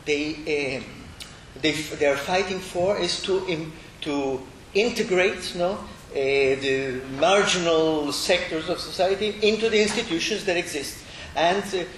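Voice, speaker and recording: Guy lecturing, lots of uhs and "no?", voice a bit high, roomy echo with a low rumble. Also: a bit bright. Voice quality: halting, many fillers and tag "no?". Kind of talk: academic lecture. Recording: echoey room with faint rumble.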